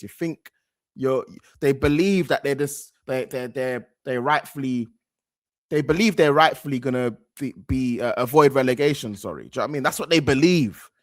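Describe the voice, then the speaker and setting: Lively, rambling male football vlogger. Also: mid-range voice, no echo, studio quality. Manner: rambling, animated, repeats himself, slangy. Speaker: football channel host. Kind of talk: casual reaction commentary.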